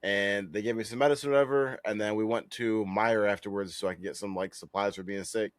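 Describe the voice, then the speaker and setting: A man co-hosting a podcast talks loosely and with swearing. He acts out other people's voices in higher, louder tones. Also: fairly even intonation, quick pace, no echo. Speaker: podcast co-host. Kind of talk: casual chat.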